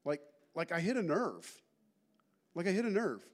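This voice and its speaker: A male pastor giving a conversational sermon, telling stories with lots of animated asides. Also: high-pitched, moderate pace. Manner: animated storytelling with many asides.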